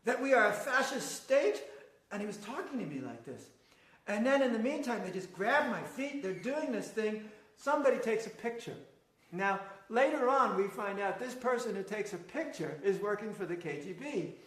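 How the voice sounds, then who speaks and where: Man, high voice, animated storyteller who acts out every quote, echoey room sound. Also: normal speed. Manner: animated, acts out quoted dialogue, laughs often. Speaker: storyteller recalling past travels. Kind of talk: casual reminiscing conversation.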